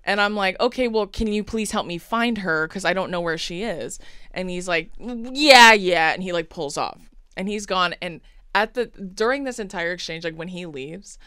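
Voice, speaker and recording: A podcast co-host tells a story in a casual chat, her voice lowish and smooth at a moderate pace. She's an animated storyteller who acts out the quotes, and the recording is dry and close.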